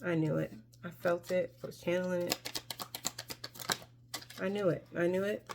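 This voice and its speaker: A woman with a somewhat low voice reads tarot cards for her viewers in a casual, chatty way. She talks with emphasis, often breaking off and restarting her sentences. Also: steady tone, moderate pace, gravelly, noisy background. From Mexico. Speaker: tarot reader. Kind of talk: casual tarot reading to camera.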